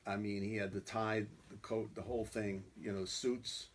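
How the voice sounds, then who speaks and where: A man's voice: lowish voice, level tone, normal speed, slight background noise. A man who is a guest musician, telling stories in a rambling way, full of "you know" fillers. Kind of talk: conversational storytelling.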